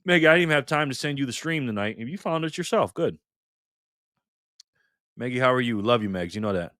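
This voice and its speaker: A man runs a casual live stream, warmly greeting viewers by name and thanking them for tips. His voice sits at an ordinary middle pitch. The sound is close and dry with no room echo. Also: animated. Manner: upbeat, reads chat names aloud with quick thanks.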